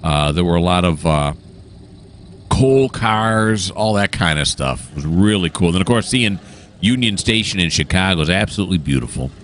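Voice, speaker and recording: Low-pitched male game host, casual and rambling, full of ums and uhs. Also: animated, normal speed, fairly bright tone, slight background noise. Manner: rambling, enthusiastic, many filler sounds. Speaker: train simulator gameplay host. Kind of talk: casual gameplay commentary.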